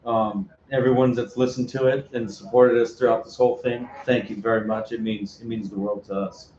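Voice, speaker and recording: A man's voice: medium pitch, steady tone, brisk, darkish tone. A man who sings in a band, a podcast guest speaking in a laid-back way with short reactions and some swearing. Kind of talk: casual chat. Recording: roomy, muffled, faint hum.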